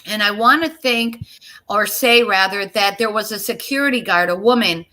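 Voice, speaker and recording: A middle-aged woman, a guest on a video-call interview, giving an earnest personal account, halting and repeating herself as she speaks straight to the listeners. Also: mid-range voice, pushed and bright, poor audio.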